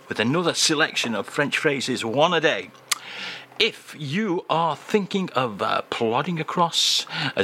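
A man hosting a comic radio feature, playful and mock-grand, easily excited. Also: fairly high pitch, slight background noise. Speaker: radio host.

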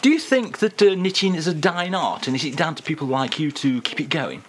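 A man in his fifties hosts a relaxed radio studio chat. His voice swings up and down a lot as he teases his guests and jokes along. His delivery is chatty and playful. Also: a little high, brisk. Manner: jokey, teasing, chatty. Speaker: radio presenter.

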